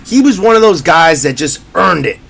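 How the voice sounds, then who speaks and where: A man's voice: fairly high pitch, moderate pace, vocal fry, slightly rough. A man co-hosting a podcast, chatting casually about sports and acting out quotes as he tells stories. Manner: animated, storytelling with acted-out quotes. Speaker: podcast co-host.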